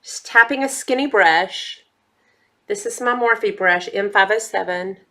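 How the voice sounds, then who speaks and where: A woman's voice: mid-range voice, a little slow, a bit bright. A woman chatting casually through a makeup tutorial, talking straight to her viewers. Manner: chatty, addresses viewers as y'all. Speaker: beauty vlogger.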